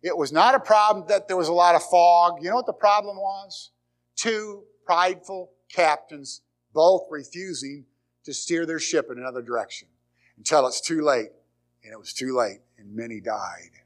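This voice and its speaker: A man preaching a sermon as pastor, his voice sitting a touch high. He swings between loud, emphatic lines and near whispers. He often restarts phrases and repeats words as he goes. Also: normal speed.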